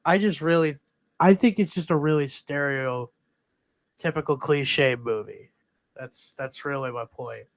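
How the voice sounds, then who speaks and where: A man's voice: medium pitch, a little slow, dry recording. A man co-hosting a casual film podcast, talking bluntly and cursing often. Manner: blunt and profane. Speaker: podcast co-host.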